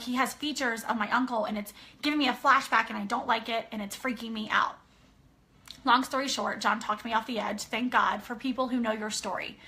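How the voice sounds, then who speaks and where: A woman in her thirties, an author telling a personal story in an earnest, animated way, often checking in with her listeners. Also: a little high. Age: 30s. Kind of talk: casual personal talk.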